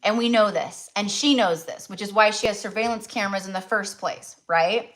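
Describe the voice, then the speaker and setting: A middle-aged woman rants casually to her livestream viewers, her speech loose and packed with filler words. She talks in an animated, rambling style, with swearing and quick asides. Her pitch sits in the middle range for a woman. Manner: animated, filler-heavy ranting with frequent "like" and swearing. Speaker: tarot reader hosting a livestream. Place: rural home.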